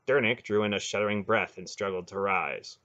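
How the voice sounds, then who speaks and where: A man narrating a fantasy audiobook in a lively, expressive reading. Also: on the low side, brisk. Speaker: audiobook reader. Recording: dull lo-fi home recording.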